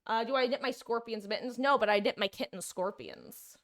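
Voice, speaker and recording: A young woman from New Jersey live streams a game while chatting casually and rambling to her viewers. Her voice is a little high and brisk. She's chatty and drifts along, greeting viewers right in the middle of a story.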